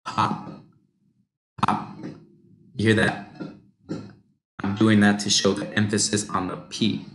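A man coaching pronunciation on a livestream, slowly modelling and repeating words for learners. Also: on the low side, little pitch movement, noisy background. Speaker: pronunciation teacher.

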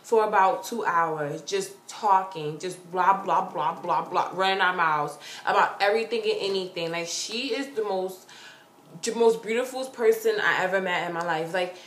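A young woman vlogging from her corner at home, telling a story in a gushing, excitable way with lots of "like". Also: on the low side, moderate pace. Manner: excitable, gushing, heavy use of "like". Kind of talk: casual storytelling vlog. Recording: roomy sound with faint hiss.

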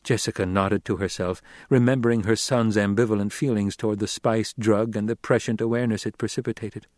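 A man narrating an audiobook in a measured storytelling voice on a close mic. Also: on the low side, fairly even intonation, a little mellow, dry recording. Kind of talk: scripted narration.

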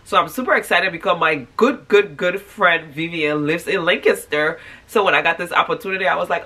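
A woman in her thirties with a stuffy, congested nose, chatting casually to camera from bed in a tired, low-energy way. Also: fairly quick, few pauses, bright, forceful tone. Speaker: vlogger. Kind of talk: casual morning vlog talk to camera. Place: at home in bed.

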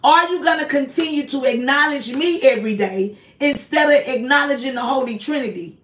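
A woman with a high voice runs a confrontational live stream, pressing one target with repeated accusing rhetorical questions in a preachy tone. She sits back from the mic, and the room around her sounds echoey. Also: brisk, a bit bright. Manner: preachy, invokes God. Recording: roomy echo, voice distant from the mic.

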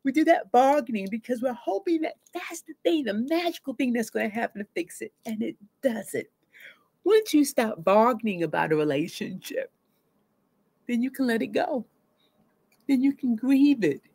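A woman therapist talking casually to camera about grief and letting go, acting out inner voices with sudden swings in pitch and loudness. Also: animated, normal speed, gravelly. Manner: conversational, casual slang.

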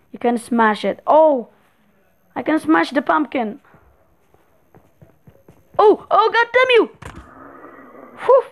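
A woman giving excitable commentary while playing a horror game, repeating words in rapid bursts. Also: on the high side, rough recording. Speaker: gameplay streamer.

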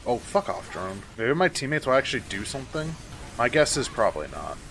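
A man's voice: medium pitch, very animated, brisk, vocal fry, fairly bright tone, slight background noise. A man giving casual let's-play commentary, exasperated and swearing often as he talks back at the game. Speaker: gaming YouTuber.

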